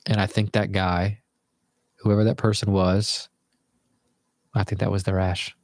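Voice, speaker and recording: Low-voiced man telling a casual story. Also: little pitch movement, a little slow, darkish tone, no echo, studio quality. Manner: rambling, loose, swears casually. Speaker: vlogger. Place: his bedroom.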